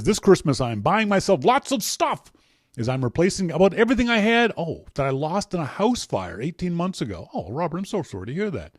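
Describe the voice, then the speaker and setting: A middle-aged man hosts a casual podcast, reading listener emails aloud in a chatty, teasing way, laughing often and restarting a lot. His voice is medium-pitched, and the recording is dry and studio quality.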